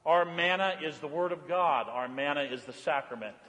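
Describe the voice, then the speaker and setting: A man preaches a sermon in a high-pitched voice. He climbs high and loud on his exclamations, then sinks low and quiet on the reflective lines. The sound carries a long church reverb. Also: normal speed. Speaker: pastor.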